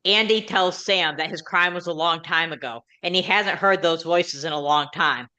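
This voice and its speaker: A woman hosting a rewatch show, hard of hearing, recapping plot in quick run-on sentences. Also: on the low side, sharp tone. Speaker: podcast host. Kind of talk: episode recap and casual chat.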